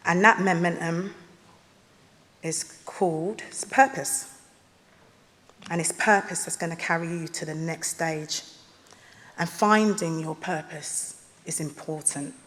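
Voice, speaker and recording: Woman giving a graduation speech, kinda low voice, big echoey hall, earnest and emphatic. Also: fairly even intonation, fairly bright tone. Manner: earnest and emphatic, with slow deliberate phrases. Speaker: honorary degree recipient giving a speech. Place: large ceremony hall. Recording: long hall reverb.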